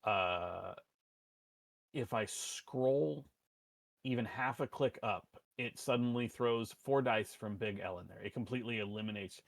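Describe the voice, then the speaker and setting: A man's voice: lowish voice, unhurried, gravelly, no room sound, studio quality. A man acting as game master in a casual online tabletop game, narrating in a rambling way with frequent restarts.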